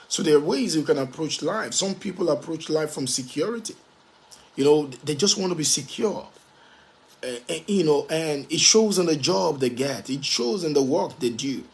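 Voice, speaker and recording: A motivational speaker with a voice a little higher than most men's gives a talk with emphatic force. He hammers his points home by repeating key phrases over and over, and now and then slows down to spell a word out letter by letter.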